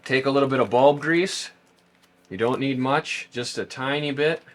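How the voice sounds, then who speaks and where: This man runs a how-to video channel and talks through fixing a car step by step, outdoors beside it. His medium voice moves at normal speed over slight background noise, and his manner is plain and casual.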